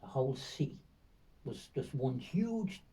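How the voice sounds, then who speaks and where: A man's voice: medium pitch, sing-song, measured pace, warm tone, breathy edge, distant mic, low-quality recording. An older man from Ireland with a Dublin accent, a podcast guest who tells vivid, rambling stories full of fillers and repeats. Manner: rambling, vivid storytelling with frequent fillers and repetitions. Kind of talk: storytelling in a podcast interview.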